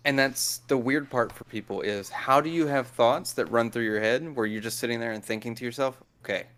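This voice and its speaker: A man's voice: mid-range voice, fairly quick, fairly bright tone. A man in his thirties or older, a deaf guest explaining things patiently in casual conversation. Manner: patient, explanatory, chuckles while talking. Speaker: deaf guest on a study stream.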